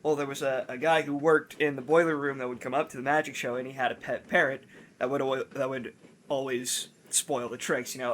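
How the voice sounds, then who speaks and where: Male let's-play co-host, middle-pitched, meandering joke teller. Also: little pitch movement, a bit bright, slight background noise. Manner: rambling, halting storytelling with many restarts. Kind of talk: casual joke-telling while gaming.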